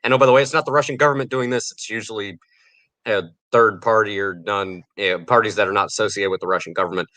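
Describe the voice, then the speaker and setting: A man co-hosting a casual banter podcast, his voice bright and forceful. He picks apart news items with dry sarcasm and often chuckles between his points. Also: lowish voice, fairly even intonation, quick pace. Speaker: podcast co-host.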